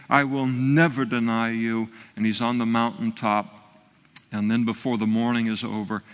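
A man's voice: fairly low pitch, a bit bright, big-room sound. A man preaching a sermon, retelling a story in a conversational way with frequent fillers and restarts. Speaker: pastor.

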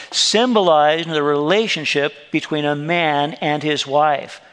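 A man's voice: fairly high pitch, a bit bright, big-room sound. A man preaching a sermon as pastor, talking to the congregation in a conversational way and acting out little quoted exchanges.

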